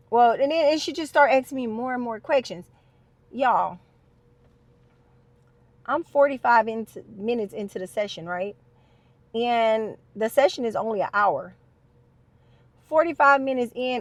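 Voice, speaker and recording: Chatty high-voiced woman telling a story. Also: moderate pace, no room sound, highs cut off. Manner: animated, chatty, addresses viewers as y'all. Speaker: storyteller vlogger. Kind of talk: casual story time.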